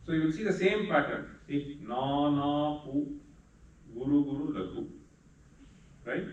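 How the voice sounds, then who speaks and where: A man teaching a class, explaining patiently step by step and chanting verses slowly. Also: a little high, animated, muffled recording. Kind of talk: lecture on Sanskrit meter. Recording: echoey room, distant mic.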